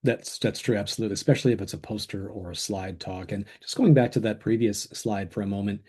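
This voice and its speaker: A man's voice: on the low side, fast talker, a little mellow, husky. A middle-aged man co-hosting a webinar on a video call, speaking reflectively, agreeing with his co-presenter and stumbling a little. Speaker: webinar co-host. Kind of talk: webinar discussion. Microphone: desk microphone on video call.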